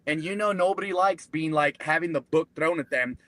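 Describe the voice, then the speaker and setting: In a dry recording, a high-ish, brisk male voice belongs to an American Marine veteran guesting on a podcast. Casual and profane, he animates his war story by acting out the people he quotes.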